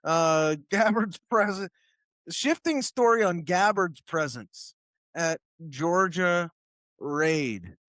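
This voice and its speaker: A man's voice: high voice, animated, takes it slowly, a bit bright, no echo. A man with a Southern accent chatting as a podcast guest, reading headlines aloud and laughing often. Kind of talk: casual chat.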